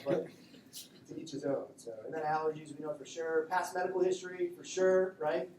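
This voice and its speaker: A man teaching a classroom lecture in a joking, conversational way, acting out quick exchanges with patients. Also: on the high side, little pitch movement, a little mellow, recorded from a distance, slight background noise. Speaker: instructor. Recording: echoey classroom recorded from afar.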